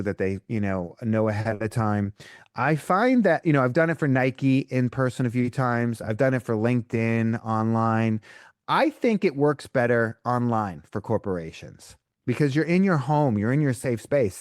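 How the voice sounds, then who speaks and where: A man's voice: mid-range voice, moderate pace, no echo, studio quality. A man, a breathwork coach, telling stories in a podcast interview and acting out what people said to him. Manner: animated storyteller acting out quotes. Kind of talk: conversational storytelling interview.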